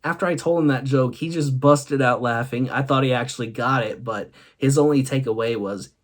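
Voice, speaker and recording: Hosting his vlog, a man delivers a comic storytelling monologue and frequently laughs between punchlines. He speaks in a mid-range voice at a moderate pace.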